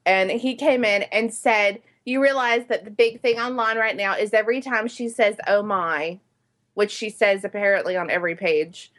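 A woman's voice: medium pitch, moderate pace, hardly any pauses, a bit bright. A woman co-hosting a casual chat podcast, candid and storytelling, laughing often. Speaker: podcast co-host.

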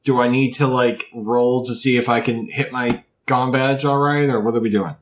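A man's voice: medium pitch, steady tone, normal speed, roomy sound. A man playing a tabletop role-playing game, joking and teasing the others as he talks. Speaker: player. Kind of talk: casual tabletop play.

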